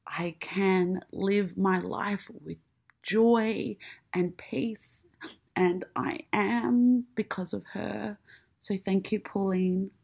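A woman talks slowly and earnestly in a personal podcast monologue. She pauses often and draws her words out, and her voice sits in an ordinary middle pitch. At times she sounds close to tears. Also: steady tone, vocal fry, a little mellow, husky. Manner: earnest and emotional, with dramatic pauses. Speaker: podcast host and comedian.

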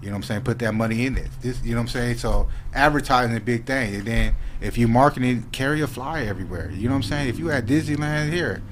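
A man speaking, talking in a loose, casual podcast chat that turns animated when he gets excited. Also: medium pitch, fast, hardly any pauses, slight background noise. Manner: laid-back street slang, animated when excited. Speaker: social media creator, podcast guest.

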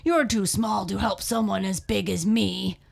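A woman's voice: on the low side, lively intonation, unhurried, gravelly. A woman voicing a huge, proud and grumpy male lion who roars and scoffs in a storybook tale. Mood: scornful. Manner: loud roaring scornful.

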